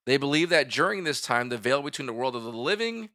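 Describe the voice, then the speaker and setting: Middle-aged male podcast co-host, bright tone, relaxed and joking as he reads facts. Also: mid-range voice, fast. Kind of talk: casual chat.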